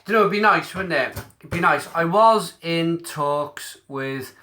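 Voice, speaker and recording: A man's voice: fairly high pitch, a little slow, bright, forceful tone. Upbeat man chatting on a live stream. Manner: chatty, upbeat, answers viewers' comments aloud. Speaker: beer reviewer streaming live. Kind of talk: casual live-stream unboxing chat. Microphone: mobile phone camera.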